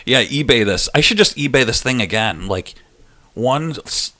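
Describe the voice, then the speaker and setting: A man's voice: medium pitch, lively intonation, moderate pace, bright, forceful tone. A man hosting a casual live chat stream, joking and laughing with viewers as he reads their messages. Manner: chatty and joking, laughs often.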